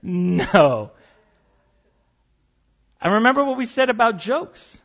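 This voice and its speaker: A man's voice: high voice, big pitch swings, slow pace, long pauses, a bit bright, lo-fi sound. A man preaching a sermon as pastor, conversational and storytelling, with light humor.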